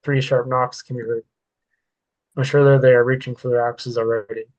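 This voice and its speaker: A man's voice: medium pitch, level tone, moderate pace, darkish tone, highs cut off. A man reading his own work-in-progress story aloud in first person, plainly, with occasional stumbles and self-corrections.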